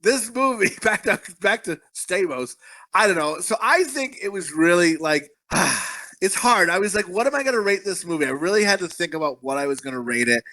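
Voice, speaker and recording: A man's voice: high-pitched, lively intonation, moderate pace, bright, forceful tone. A man co-hosting a movie podcast, telling long crude rambling stories in casual chat, full of swearing. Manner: profane, rambling storyteller. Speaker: podcast co-host.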